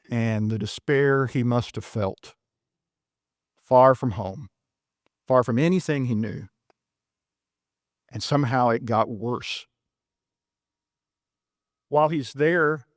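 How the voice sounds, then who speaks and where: A man's voice: medium pitch, no echo, studio quality. A man preaching a sermon in a church, retelling a biblical story in a folksy, emphatic way.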